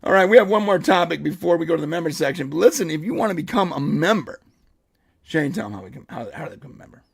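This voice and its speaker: A hoarse man hosting a casual live podcast, leading the topics with excited chatter. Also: fairly high pitch, fast. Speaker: podcast host.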